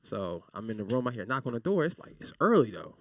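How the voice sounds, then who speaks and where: A man's voice: medium pitch, fast talker, no room sound, studio quality, distant mic. A man in his thirties telling a story in casual chat, acting out the other voices in it. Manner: animated storyteller, acts out voices.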